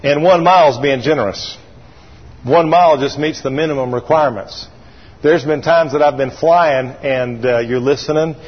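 A man preaches in a somewhat high, husky voice, spinning a folksy story and calling for his congregation to answer him. The sound is dull, with a long reverb from a large church hall. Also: moderate pace. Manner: call-and-response with congregation. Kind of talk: sermon. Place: church sanctuary.

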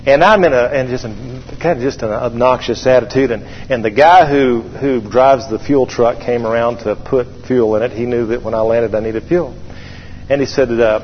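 A man preaching a sermon, telling a folksy personal story with animated delivery and drawing call-and-response from the congregation. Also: medium pitch, moderate pace, in a large hall, lo-fi sound, a little hiss or hum.

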